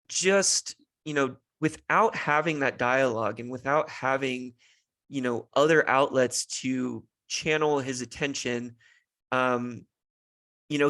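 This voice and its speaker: A young man talks through his parenting thoughts on his own podcast, earnest and reflective. His voice sits at an ordinary middle pitch and he leans on casual fillers. The sound is dry and close, with no room around it. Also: a bit bright, no echo. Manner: earnest, thoughtful, many "you know" fillers. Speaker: podcast host, father. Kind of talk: reflective solo podcast monologue.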